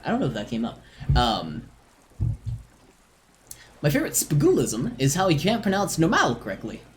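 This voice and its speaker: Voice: medium pitch, huge pitch swings, moderate pace, slight background noise. A giggly, chatty streamer with a tiring voice. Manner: chatty, giggly, self-deprecating. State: voice strained and tiring. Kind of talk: casual live-stream chat.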